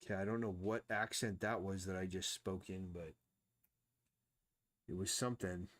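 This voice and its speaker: A man's voice: low voice, fairly even intonation, normal speed, a bit bright. A man thinking aloud and rambling casually while he draws on a live stream. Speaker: artist streaming his drawing.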